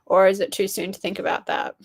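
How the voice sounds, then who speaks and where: A woman's voice: medium pitch, little pitch movement, fast talker, breathy edge. A young woman, hosting a casual livestream, rambling and swearing casually while chatting with viewers. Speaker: livestream host. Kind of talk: casual chat reading live chat.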